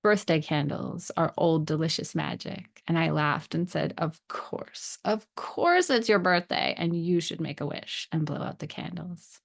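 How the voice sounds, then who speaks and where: A woman podcast host gently narrating a scripted personal story, voicing the dialogue she quotes. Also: sits low, measured pace, gravelly, hardly any pauses.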